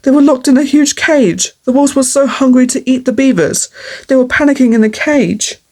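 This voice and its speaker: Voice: high-pitched, moderate pace, a little mellow. A reader reading a storybook aloud with earnest, plain phrasing.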